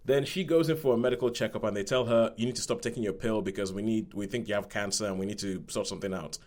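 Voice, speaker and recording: A man's voice: lowish voice, fast talker, darkish tone. A man casually reviewing a film on a podcast, rambling and repeating words as he acts out bits of dialogue.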